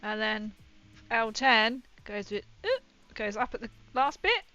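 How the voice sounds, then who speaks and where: A woman's voice: fairly high pitch, unhurried, bright, forceful tone, soft background music. A woman chatting casually and rambling, laughing often as she builds a model kit on a livestream. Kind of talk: casual chat while building. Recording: dull lo-fi stream audio.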